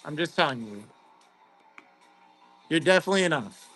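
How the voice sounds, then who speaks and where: Upbeat male stream host, high bright voice, chatty, faint music behind. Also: normal speed. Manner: excitable, chatty, greets viewers by name. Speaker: host of a card-opening livestream. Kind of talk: casual livestream chat.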